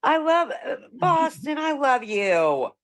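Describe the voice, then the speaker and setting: A woman on a live-stream panel, talking as a soothing peacemaker with soft laughs. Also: sits high, very animated, takes it slowly.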